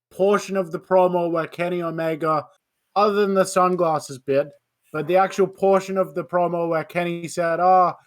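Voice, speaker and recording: A man on a podcast calmly lays out his own opinion. His voice sits slightly high and sounds dry and close to the mic. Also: dry recording. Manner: measured, explaining his view. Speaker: podcast co-host. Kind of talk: casual chat.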